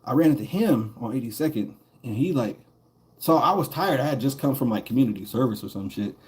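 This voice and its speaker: A man's voice: mid-range voice, expressive, brisk. A man streaming a game and telling a long, rambling story in casual chat. He swears a lot and often chuckles as he talks. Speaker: gaming streamer.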